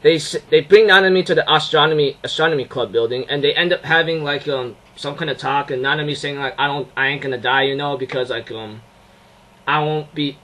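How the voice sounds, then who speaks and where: A young man giving a casual anime episode review, excitable and rambling, with many fillers and restarts. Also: a little high, low-quality recording.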